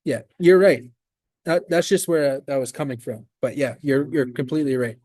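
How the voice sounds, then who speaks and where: Guy teaching a class, laid back and patient, dry close sound, normal pitch. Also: moderate pace, dry recording. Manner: relaxed, explains patiently with fillers. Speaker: language instructor.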